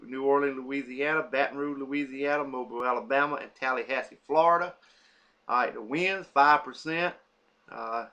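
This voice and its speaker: A man's voice: mid-range voice, sharp tone, lo-fi sound. A man giving a casual weather forecast, reading lists of cities off a map with many fillers.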